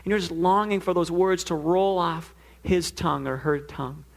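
A man's voice: on the high side, fairly even intonation, normal speed, vocal fry. A man preaching a sermon, earnest, now and then acting out the pleas he quotes. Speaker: pastor.

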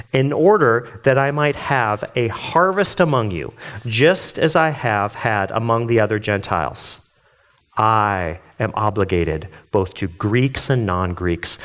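A man reading scripture aloud and explaining it in a casual, earnest way, sometimes getting worked up. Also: mid-range voice. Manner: reads scripture then explains it conversationally. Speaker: Bible teacher. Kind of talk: devotional Bible reading and commentary.

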